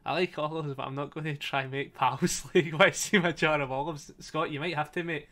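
A man with a slightly high, steady voice that's brisk, bright and forceful, and a bit strained, streams a story game. He jokes with chat, laughs a lot, and swears freely against faint game music.

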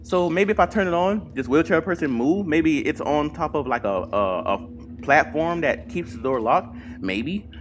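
A young adult streamer narrating a horror game out loud. The voice swings widely in pitch, from quiet muttered reasoning to frantic, cursing shouts, with a faint hiss under it. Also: lively intonation, moderate pace. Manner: talks to self, mutters then yells in panic, swears. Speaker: gaming channel host. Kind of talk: horror gameplay commentary.

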